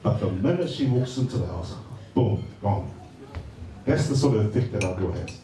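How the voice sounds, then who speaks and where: This middle-aged Samoan man speaks on the low side, at a moderate pace, with a mellow tone and lively intonation. Holding a mic in a big party hall, he delivers a joking, hesitant birthday speech packed with fillers, captured from a distance in a noisy, echoing room.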